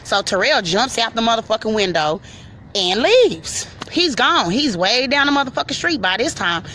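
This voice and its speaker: A woman tells a story from her own life with bright, forceful energy. She swears freely and keeps the telling lively, talking straight to the listener in a voice a little higher than most. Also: normal speed, a little hiss or hum. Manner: profane, animated, talks straight to the listener. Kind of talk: personal storytelling.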